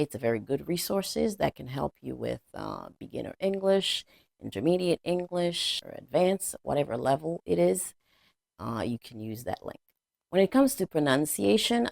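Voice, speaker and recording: A man's voice: medium pitch, vocal fry, a little mellow, no echo. A man narrating a language lesson in a plain, repetitive explaining manner with some fillers. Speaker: language teacher.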